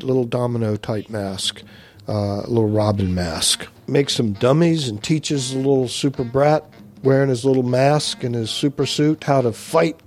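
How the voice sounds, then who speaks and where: A man's voice: medium pitch, a little mellow. Man rambling through a comic recap. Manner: rambling, with frequent uhs. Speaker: comic book commentator.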